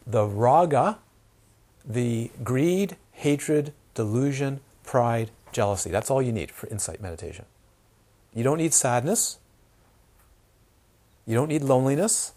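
A man's voice: mid-range voice, expressive, a little slow, pauses often, dark tone. A man teaching meditation in a dharma talk, repeating key words for emphasis and sometimes dropping to a whisper. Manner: repetitive, emphatic, drops to a whisper in quotes.

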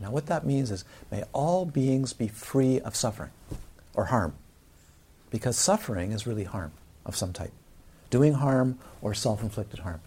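A man's voice: medium pitch, animated, moderate pace, long pauses, a little mellow, husky. A man teaching a Buddhist dharma talk to a live audience, in a conversational way with frequent questions to the listeners.

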